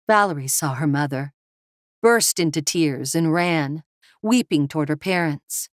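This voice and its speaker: A woman narrating a thriller audiobook with steady, dramatic storytelling. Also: deep voice, measured pace, no room sound, studio quality. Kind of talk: scripted narration.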